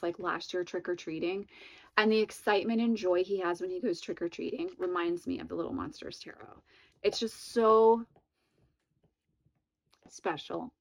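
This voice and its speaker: Woman gushing about her tarot decks, drawn-out words, dry close sound. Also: medium pitch, fairly bright tone, dry recording, low-quality recording. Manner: gushing, enthusiastic, drawn-out emphasis. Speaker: tarot reader and channel host. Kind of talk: casual show-and-tell vlog.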